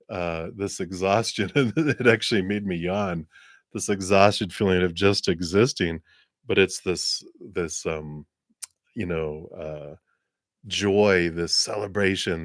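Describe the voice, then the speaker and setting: A man giving live-streamed tarot readings in a gentle, encouraging way, rambling a little with fillers. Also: sits low, no echo, studio quality. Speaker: tarot reader.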